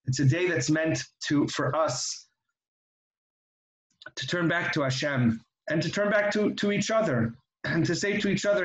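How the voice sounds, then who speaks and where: A man's voice: fairly high pitch, measured pace, long pauses, muffled recording. A man giving an earnest, reflective religious talk that moves into storytelling, often restarting his sentences. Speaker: religious teacher. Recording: echoey room.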